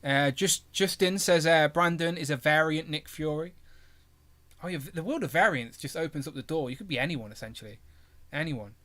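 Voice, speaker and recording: A man with a somewhat high voice hosts a casual livestream. He talks in a rambling way and laughs at himself a lot. His tone is bright and forceful. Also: normal speed. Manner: rambling, laughs often, self-deprecating. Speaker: host of a toy collecting livestream. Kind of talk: casual chat.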